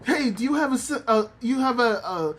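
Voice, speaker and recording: A man's voice: very high voice, animated, a little fast, a bit bright, voice pushed up, heavily acted. A man voicing an earnest, helpful dog who keeps asking the same question and stumbles over a long word, in a livestream retelling.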